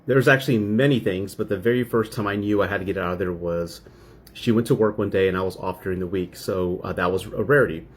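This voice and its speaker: A man's voice: low-pitched, fast, breathy edge. A man telling a personal story in casual speech, acting out his partner's complaints. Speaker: interviewee.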